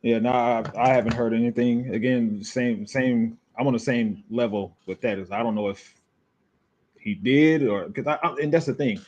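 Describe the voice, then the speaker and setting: A man hosting a podcast, chatting casually and haltingly about a clip. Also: mid-range voice, a little mellow, dull audio. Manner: halting, repeats himself. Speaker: podcast host. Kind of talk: casual chat reacting to a clip.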